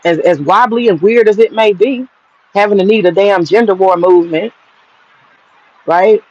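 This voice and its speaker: A man's voice: high-pitched, moderate pace, no echo, highs cut off. A man hosting an online commentary monologue, talking in a blunt, profane and mocking way.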